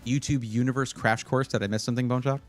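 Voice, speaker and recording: A man's voice: mid-range voice, fairly even intonation, fast talker, faint music behind. A man hosting a casual livestream, chatting with viewers and giving computer buying advice in a rambling, playful way. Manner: chatty, rambling, restarts phrases, playful with chat. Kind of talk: casual livestream chat reading viewer comments.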